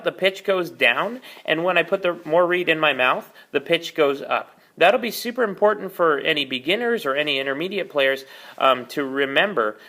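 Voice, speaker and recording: A man's voice: fairly high pitch, bright, forceful tone. A man leading an oboe lesson, explaining each step patiently with frequent ums. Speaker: oboe teacher. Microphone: camera mic, repositioned during video.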